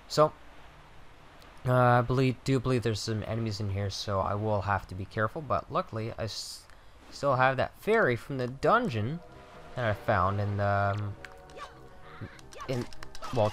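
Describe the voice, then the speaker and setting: A man's voice: fairly low pitch, a bit bright. A man giving casual, chatty gameplay commentary, joking at his own expense and grumbling at enemies. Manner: chatty, self-mocking, mild cursing at enemies. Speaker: let's play gamer.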